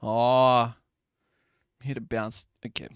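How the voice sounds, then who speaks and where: A man's voice: mid-range voice, little pitch movement, takes it slowly, a little hiss or hum. A man live-streaming from his desk at home, chatting casually, joking, laughing and swearing while he bakes.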